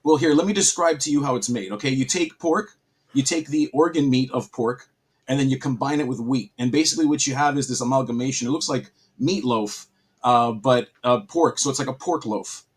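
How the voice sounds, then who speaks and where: A man casting a card game stream, telling playful, animated local trivia in casual chat. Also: medium pitch, fairly quick, breathy edge. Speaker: stream caster.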